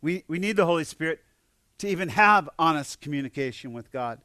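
A pastor preaching a sermon, earnest, with repeated words and sudden swings between loud and soft. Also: male voice, fairly high pitch, lively intonation, a little fast, no echo.

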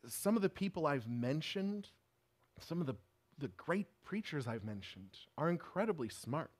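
A man's voice: fairly high pitch, very animated, normal speed. A man giving a sermon in an earnest, emphatic preaching manner.

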